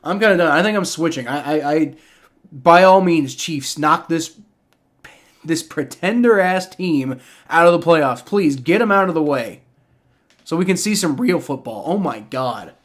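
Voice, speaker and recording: A man's voice: fairly high pitch, animated, unhurried. Exasperated ranting male streamer. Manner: exasperated ranting, heavy profanity; frequent stammering restarts. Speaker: live streamer. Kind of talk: live game reaction commentary.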